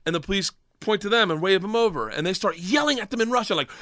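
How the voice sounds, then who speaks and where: A man telling a comic story, animated and excitable, acting out every voice. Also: high-pitched, fast talker, dry recording, clean studio sound.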